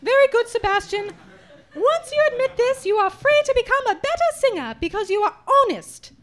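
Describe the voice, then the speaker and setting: A woman playing a shrill, pompous singing teacher. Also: sing-song, normal speed. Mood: haughtily scolding. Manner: grandiose, theatrical, scolding, full of odd comparisons. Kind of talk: comedy sketch acting.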